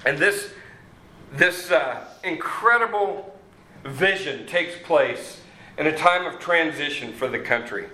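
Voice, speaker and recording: A man preaching a sermon, slow and halting with many fillers and restarts. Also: a little high, lively intonation, bright, forceful tone, roomy sound, poor audio. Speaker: pastor.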